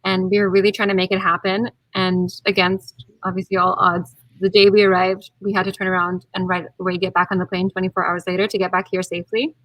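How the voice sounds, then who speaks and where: Young bride-to-be chatting, lively, acts out what she said, dry close sound. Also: mid-range voice, quick pace, no echo, poor audio. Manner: animated, acts out her own quotes. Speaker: guest, bride-to-be. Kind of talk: casual chat.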